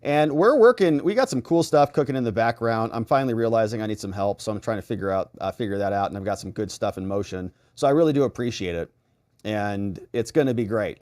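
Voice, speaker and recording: Lively, animated man hosting a live stream. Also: fairly low pitch, no echo, clean studio sound. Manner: animated, chatty, acts out little exchanges. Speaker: host of a live political commentary stream. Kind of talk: casual live-stream chat, reading viewer comments.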